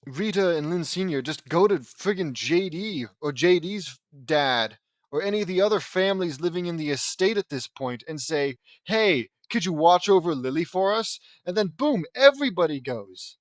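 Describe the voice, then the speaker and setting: A man's voice: fairly high pitch, animated, moderate pace, dry recording, studio quality. A man reading fan fiction aloud and breaking off into sarcastic, mocking commentary. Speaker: audiobook reader and commentator.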